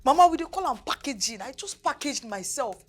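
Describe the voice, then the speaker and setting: A woman's voice: high-pitched, lively intonation, fairly quick, soft background music. A young woman with a Nigerian accent playing a scheming daughter who coaxes and pleads with her mother in a film drama. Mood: pleading. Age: young adult. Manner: coaxing, defensive.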